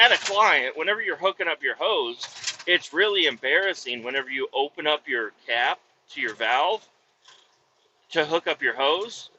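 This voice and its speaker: A man spins a long, meandering work story and swears freely all the way through. His voice rides slightly high with a piercing, forceful brightness. The recording sounds somewhat muffled and lo-fi, with a faint hum of ambience behind him. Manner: rambling, heavy swearing. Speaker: podcast host, vacuum truck operator. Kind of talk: casual storytelling monologue.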